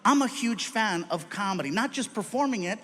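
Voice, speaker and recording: A man performing a stand-up comedy routine, telling a story with lively acted-out voices and sudden loud bursts. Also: high-pitched, fairly quick. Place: live comedy stage.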